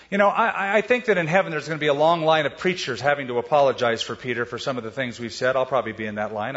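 In dull audio with long hall reverb, a pastor gives an expository sermon with a fairly high, slightly bright voice. He talks it through conversationally, adding casual asides and rhetorical questions.

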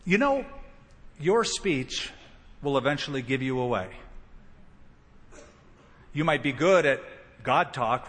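A man preaching a sermon, acting out the quoted lines as he retells the story. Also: mid-range voice. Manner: expressive, acts out quoted lines. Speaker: pastor. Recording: long hall reverb.

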